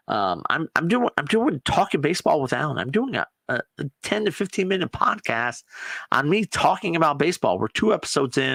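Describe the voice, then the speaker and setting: A man hosting a podcast, chatting casually and excitably about sports and swearing now and then. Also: mid-range voice, gravelly, no room sound. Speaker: podcast host. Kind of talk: casual solo chat.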